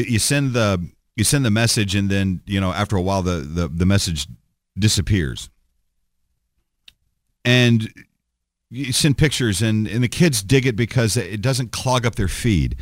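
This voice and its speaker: A man's voice: low-pitched, dry recording, clean studio sound. A middle-aged man hosting his own podcast, talking in a rambling, sardonic way with many restarts and fillers. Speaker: podcast host. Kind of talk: solo podcast monologue.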